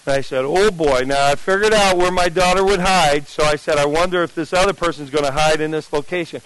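A man's voice: fairly high pitch, fairly quick, low-quality recording. A man from New Jersey, a pastor, preaching a sermon through a personal story and acting out the dialogue. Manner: storytelling, acts out dialogue with lively shifts.

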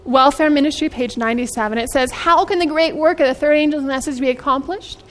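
A woman preaching a sermon in an earnest way, asking her listeners questions and slowing down to stress scripture. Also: high voice. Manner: slows down for emphasis on scripture.

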